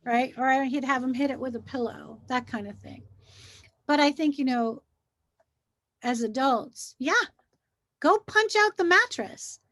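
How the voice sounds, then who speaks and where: Animated, fairly high-voiced woman. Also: normal speed, long pauses, dry recording. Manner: animated, acts out what she says to children. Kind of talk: casual video chat.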